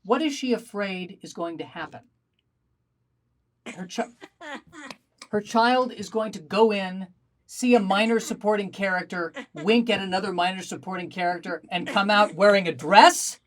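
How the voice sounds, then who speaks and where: A man doing a stand-up comedy set, telling animated stories with self-deprecating asides, performing remotely over a video call. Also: high-pitched, normal speed.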